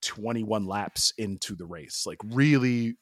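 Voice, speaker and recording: A man co-hosting a podcast in casual sports chat, telling stories in an animated way with lots of "like" fillers. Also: lowish voice, slow, no echo, studio quality. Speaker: podcast co-host.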